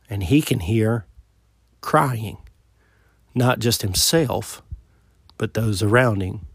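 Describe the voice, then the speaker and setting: A man preaching a sermon in an earnest voice, asking rhetorical questions and swelling louder before dropping low. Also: no room sound, studio quality.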